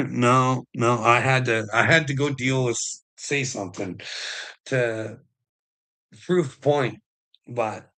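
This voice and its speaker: Gravelly slow-talking middle-aged man. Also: mid-range voice, fairly bright tone, rough recording. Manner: profane, rambling, laughs often. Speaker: livestreamer. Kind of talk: casual live rant.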